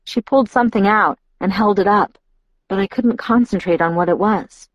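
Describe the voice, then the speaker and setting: A woman's voice: mid-range voice, normal speed, no room sound, dull audio. A woman reading a novel aloud in the first person, reflective and inward. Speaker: audiobook narrator.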